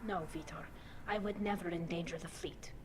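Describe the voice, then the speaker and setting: Earnest young alien engineer girl in a game, an actress voicing her, lowish voice, noisy. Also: steady tone, moderate pace, natural voice. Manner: earnest, thoughtful.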